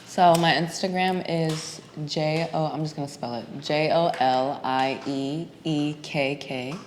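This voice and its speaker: A woman's voice: low-pitched, fairly even intonation, unhurried. A woman guest on a podcast, chatting casually in a slangy, laughing way. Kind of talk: casual chat. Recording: echoey room, faint noise.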